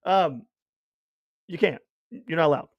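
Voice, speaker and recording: A man with a high voice co-hosts a sports podcast in casual chat. He rambles along animatedly, breaking into loud bursts now and then, recorded dry and close. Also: a little slow, no echo, dull audio. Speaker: podcast co-host.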